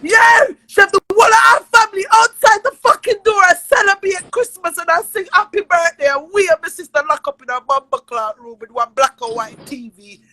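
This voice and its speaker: A woman pours out a furious, swearing livestream rant in a very high, bright, sharp voice. She shouts often and sounds close to tears. The sound is dry and close, with no room echo. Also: a little fast, hardly any pauses. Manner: angry, loud and profane, often near tears. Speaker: live streamer.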